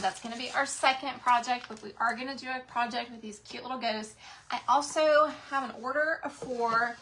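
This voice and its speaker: A woman's voice: on the high side, a bit bright, a little hiss or hum. A woman with a Texas accent hosting a casual craft livestream from her craft room, chatting with viewers and greeting them by name.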